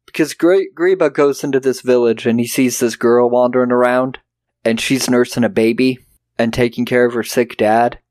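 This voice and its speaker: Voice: mid-range voice, fairly even intonation, moderate pace, a little mellow, no room sound. Giggly podcast co-host in a dry room. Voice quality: laughs often, acts out quotes in silly voices. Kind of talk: casual film-review chat.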